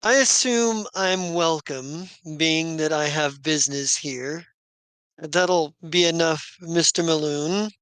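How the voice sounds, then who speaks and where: A game master gives voice to a confident woman who trades in soldiers for hire. She talks slowly and deliberately, in a smooth, close, dry voice. She is all business. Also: a little high, a bit bright, no echo. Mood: cool. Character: woman mercenary liaison, cool and businesslike.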